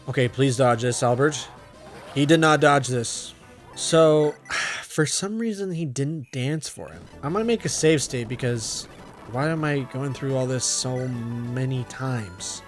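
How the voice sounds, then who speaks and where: A man talks through a strategy game as he plays, chatty and a little self-deprecating as he thinks aloud. His voice sits at a middling pitch, with faint game music underneath. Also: measured pace. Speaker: video game let's-player. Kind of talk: casual gameplay commentary.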